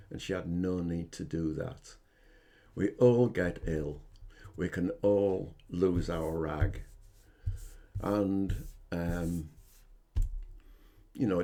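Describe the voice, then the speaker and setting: Gravelly, low-voiced older man. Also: dark tone. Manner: earnest, halting storytelling. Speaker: podcast host. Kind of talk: personal reflective monologue.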